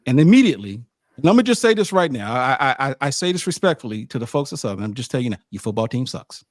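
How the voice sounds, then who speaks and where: A man with an animated, stammering manner, telling a casual story as a sports media host. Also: mid-range voice, quick pace, dry recording, clean studio sound. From United States. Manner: animated, acts out quotes, frequent stammered restarts.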